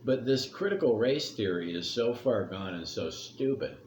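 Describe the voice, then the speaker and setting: A man's voice: on the low side, expressive, normal speed, a little mellow. Middle-aged male vlogger, blunt and profane, rambles through his opinions; echoey room with faint noise behind. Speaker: commentary vlogger. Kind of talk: casual opinion rant.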